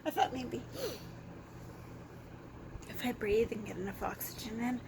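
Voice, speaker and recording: A woman vlogging casually at home, hiccuping and giggling, hushing herself so she won't wake others. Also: a little high, fairly even intonation, measured pace, creaky, background noise. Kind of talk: casual self-filmed vlog. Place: indoors at home while others sleep.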